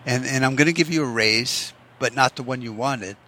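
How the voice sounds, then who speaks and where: A man talking through loose what-if questions in an offhand, rambling way, swearing freely as he goes. His pitch sits in an ordinary middle range for a man, and the delivery is a casual solo vlog. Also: moderate pace, sharp tone. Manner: profane, musing, rhetorical what-ifs. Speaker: vlogger.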